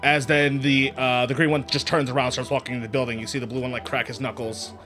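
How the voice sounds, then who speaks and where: A man's voice: mid-range voice, level tone, fast, fairly bright tone, faint music behind. A man narrating a tabletop game as game master, describing scenes in rambling sentences full of "like" and "uh".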